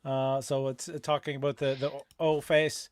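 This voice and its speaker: A man's voice: mid-range voice, level tone, moderate pace. A man hosting a live advice show over a video call, reading out viewer comments with a lot of hesitant fillers. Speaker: livestream host.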